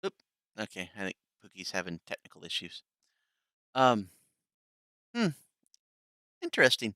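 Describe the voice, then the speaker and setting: Streamer, male: gravelly, slow, sarcastic, casual swearing, bright dry tone. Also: lowish voice, huge pitch swings, no room sound. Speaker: streamer commenting on clips. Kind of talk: live stream commentary.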